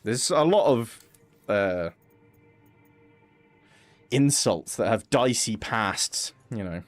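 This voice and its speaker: A man's voice: slow, long pauses, dry recording, faint music behind. A young man chatting casually and swearing freely while streaming a game. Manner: chatty, swears casually, animated jumps in pitch. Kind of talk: casual gaming stream chat.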